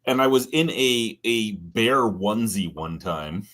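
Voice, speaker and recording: A man's voice: on the low side, lively intonation, unhurried, a bit bright. A man chatting on a beer livestream, telling crude, profane jokes and laughing often. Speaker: co-host on a beer review stream. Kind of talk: casual chat on a livestream. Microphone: remote stream call.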